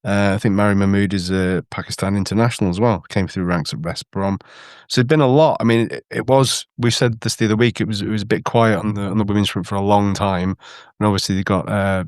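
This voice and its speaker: A man's voice: on the low side, fairly even intonation, fast, clear, resonant tone, no room sound, studio quality. A man co-hosting a casual football podcast, rambling and hesitant with many restarts. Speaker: podcast co-host. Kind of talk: casual chat.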